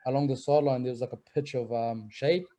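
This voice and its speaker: A man's voice: mid-range voice, steady tone, fast, a crowd in the background. A young man, a rugby league player telling stories in a casual chat, laid-back and swearing freely.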